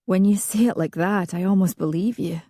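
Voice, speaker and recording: A woman's voice: mid-range voice, moderate pace, mellow, dry recording, studio quality, lightly acted. A woman voicing a breathless strong-willed bride. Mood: breathless, tender.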